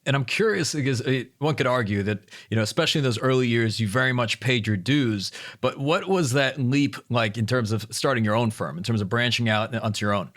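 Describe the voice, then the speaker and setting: A man's voice: medium pitch, a little fast, few pauses, fairly bright tone. A man hosting a podcast, asking questions hesitantly and rephrasing them mid-sentence. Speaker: podcast host. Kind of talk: interview questions.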